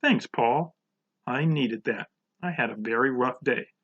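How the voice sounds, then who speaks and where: A man's voice: measured pace, fairly bright tone, muffled recording. A man voicing a stern, short-tempered female schoolteacher who scolds in a raised, mocking voice. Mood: apologetic. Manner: snapping, mocking, high-pitched scolding.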